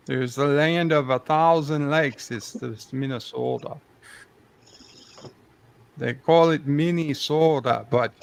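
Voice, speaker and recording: A slow, gravelly, mock-Russian comrade, put on by a man hosting a stream. He talks in a heavy, put-on accent with a dead-serious, boastful air. The delivery is drawn out and deliberate. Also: medium pitch. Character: joking fake Soviet man, boastful comrade. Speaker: stream host. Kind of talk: comedic bit on a casual stream.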